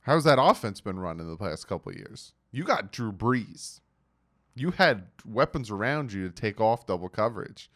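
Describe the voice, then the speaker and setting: A man giving casual sports commentary in a vlog, animated and mocking, reading out quotes with emphasis. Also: fairly low pitch, normal speed. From United States.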